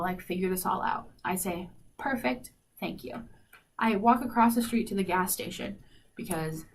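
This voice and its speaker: Animated young woman telling a story. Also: a little high. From South Dakota. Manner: animated, lots of "like", acts out quoted dialogue. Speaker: radio show host. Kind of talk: casual storytelling. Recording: faint noise, slightly distant mic.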